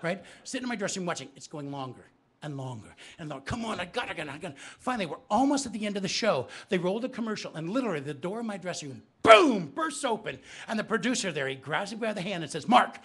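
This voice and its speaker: A man's voice: high-pitched, fast talker, slightly rough. A man giving a theatrical live storytelling performance in a bookstore, drawing the audience into call and response. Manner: animated, theatrical, engages the audience.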